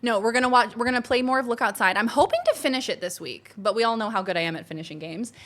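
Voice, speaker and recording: A woman's voice: a little high, fast, fairly bright tone. A woman streamer chatting casually and bubbly with her live chat from home while planning her week. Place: home, kitchen.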